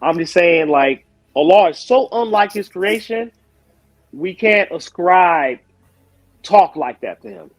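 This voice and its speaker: A man taking part in a casual spoken debate over a video call, talking in loose asides and quick self-corrections. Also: high voice, lively intonation, no echo, low-quality recording. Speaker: Muslim guest in a debate.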